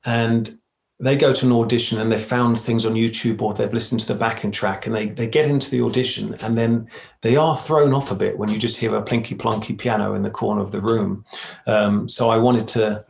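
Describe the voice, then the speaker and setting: A man talks easily as an interview guest, joking at his own expense and answering quick questions without fuss. His voice sits low with a gravelly edge. The sound carries a roomy echo. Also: fairly even intonation. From United Kingdom. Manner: chatty, self-deprecating, quick gut answers. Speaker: guest, musical theatre performer. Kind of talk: casual interview chat.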